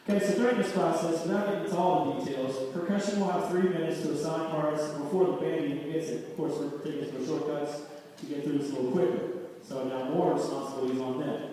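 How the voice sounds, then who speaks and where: A man directing a school band speaks to a concert audience, pausing to count and sing rhythms aloud as he gives instructions. His voice is fairly high and mellow. It rings through a big reverberant hall, heard from a distance. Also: slight background noise. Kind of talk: addressing a concert audience, talking a band through sight reading. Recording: echoey hall recording from far off.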